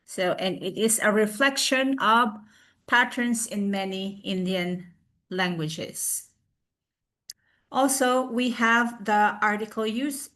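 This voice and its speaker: A woman presenting a recorded online class on a video call, explaining slowly with fillers and restarts. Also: mid-range voice, a bit bright.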